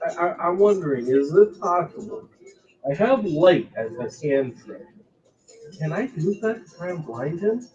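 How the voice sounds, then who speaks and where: A man's voice: on the high side, animated, unhurried, darkish tone. A man playing a tabletop game, eager and full of questions. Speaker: player. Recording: dull lo-fi audio, faint music.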